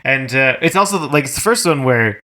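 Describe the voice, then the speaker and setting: Bright-voiced man chatting on a podcast. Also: medium pitch, lively intonation, fairly quick. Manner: agreeable, chimes in with short confirmations. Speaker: podcast co-host. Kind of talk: casual chat recapping a film.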